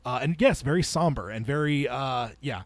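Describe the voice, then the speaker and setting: A man's voice: medium pitch, animated, normal speed, no echo. A man hosting a casual book club podcast, reading passages aloud and talking it over with plenty of fillers and restarts. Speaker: podcast host.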